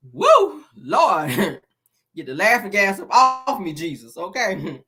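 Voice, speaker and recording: A woman's voice: mid-range voice, big pitch swings, slow pace. A woman hosting a casual gossip show, sassy, laughing a lot and mimicking the people she talks about. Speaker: gossip channel host.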